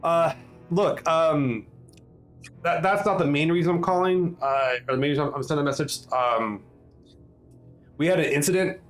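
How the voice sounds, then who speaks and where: A man narrating a tabletop game as game master, with many ums and halting restarts. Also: fairly high pitch, faint music behind, low-quality recording.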